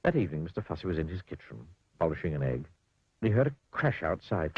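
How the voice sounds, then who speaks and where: A man reading a children's storybook aloud in an expressive, playful way, sometimes speaking to the listener. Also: deep voice, quick pace, lo-fi sound, a little hiss or hum.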